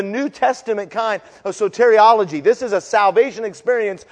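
A middle-aged man preaches in a large church hall, and his voice sits a little high for a man. He tells the scripture as a lively, joking story. A long reverb trails each phrase. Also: a little fast, few pauses. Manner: animated, jokey, acts out voices. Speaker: pastor. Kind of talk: storytelling sermon.

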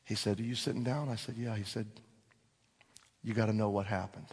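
A man preaching a sermon, telling a story and acting out the dialogue with lively swings in voice. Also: on the low side, brisk, slightly rough. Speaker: pastor. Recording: long reverb of a large hall.

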